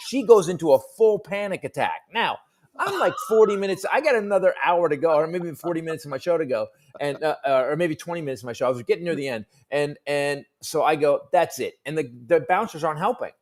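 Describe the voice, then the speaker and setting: A middle-aged comedian telling a profane stage story on a talk panel, jumping into high, loud voices for the people in it. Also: male voice, expressive, fast talker. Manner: profane, punchy anecdote telling. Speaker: comedian guest.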